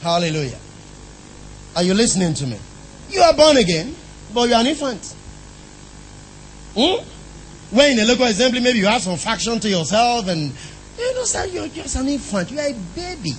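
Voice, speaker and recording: Man, very high voice, preacher, emphatic sermon, questions to the congregation, faint noise behind. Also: sing-song, fairly quick, pauses often, poor audio.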